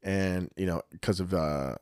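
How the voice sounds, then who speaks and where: A man in his thirties, hosting a casual chat and telling lively sports stories, acting out the quotes. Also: low-pitched, unhurried, clear, resonant tone, dry recording, clean studio sound. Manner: animated storyteller, acts out quotes.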